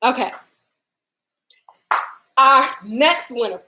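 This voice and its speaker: A woman's voice: on the high side, expressive, normal speed. A woman, hosting a casual livestream giveaway from home, chatting, laughing and reading out viewer comments. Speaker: livestream host running a giveaway.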